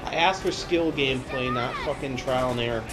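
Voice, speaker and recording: A man's voice: medium pitch, brisk. A man playing a video game and commenting casually, exasperated and swearing often, with game music behind him. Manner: exasperated, swears a lot, yelps in frustration. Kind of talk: casual let's-play commentary.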